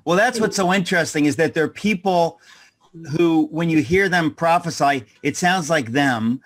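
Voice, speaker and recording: A man hosts a conversational interview, thinking aloud as he goes. He often restarts his sentences in a halting way. His voice sits a little high for a man. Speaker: host.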